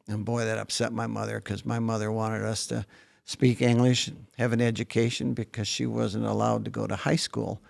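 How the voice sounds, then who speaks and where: A gravelly, deeply creaky older man in his late seventies, raised in northern South Dakota with German as his first language. He talks as an interview guest, leisurely and reminiscing, often restarting his sentences. His voice sounds close and dry. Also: no echo. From northern South Dakota, USA. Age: 70s. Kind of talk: casual interview conversation.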